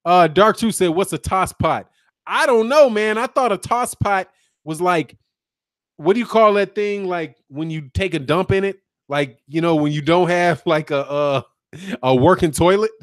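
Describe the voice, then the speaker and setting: A man's voice: sits high, normal speed, no echo, studio quality. Joking American man reading comments. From United States. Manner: laughing often, loose and joking. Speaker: channel host. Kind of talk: casual chat reading live comments.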